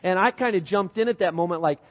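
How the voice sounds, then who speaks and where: A man's voice: high-pitched, quick pace. A middle-aged man from Illinois preaching a sermon as pastor, telling a story in a conversational way. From Illinois, USA. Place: church sanctuary. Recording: long reverb of a church hall.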